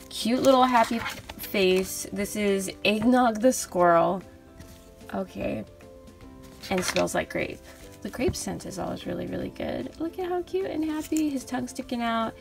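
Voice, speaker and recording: A young woman hosting a toy unboxing video, gushing softly over each cute plush and reading out their names. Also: mid-range voice, gravelly. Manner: gushing, soft and cooing over cute toys.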